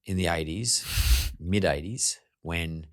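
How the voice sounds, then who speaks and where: A man's voice: low voice, takes it slowly, fairly bright tone. A man hosting a podcast, chatting casually with his guests, laughing and swearing offhandedly. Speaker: podcast host. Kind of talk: casual interview.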